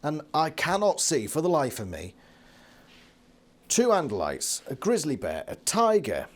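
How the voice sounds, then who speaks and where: A man's voice: on the high side, wildly swooping pitch, measured pace. A British man giving a casual, sarcastic book review from his living room, swearing freely and laughing often.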